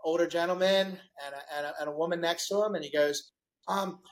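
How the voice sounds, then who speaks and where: A middle-aged man hosting a podcast, telling a story in a lively, animated way and acting out the people he quotes. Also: sits high, fairly quick, low-quality recording. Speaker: podcast host. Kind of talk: casual interview storytelling.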